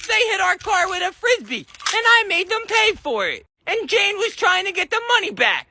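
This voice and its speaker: A sketch comedian playing every role in a family comedy sketch, switching between put-on voices and often shouting. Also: very high-pitched, very animated, normal speed, hardly any pauses, slight background noise. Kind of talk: one-man comedy sketch with many voices.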